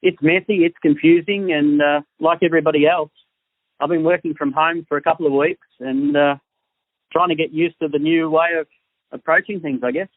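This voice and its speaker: A man's voice: a little high, steady tone, a little fast, dry recording. Australian man on a tinny phone line. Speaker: guest. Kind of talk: casual chat.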